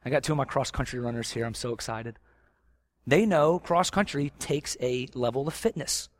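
A man preaching a sermon, swinging between loud emphatic stretches and quiet, intense asides. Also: medium pitch, normal speed, no room sound. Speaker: pastor.

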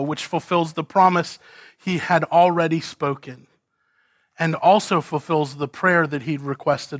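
High, bright-voiced preaching man. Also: dry recording, studio quality. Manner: dramatic swings from loud to hushed, rhetorical questions. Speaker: pastor. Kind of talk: expository sermon.

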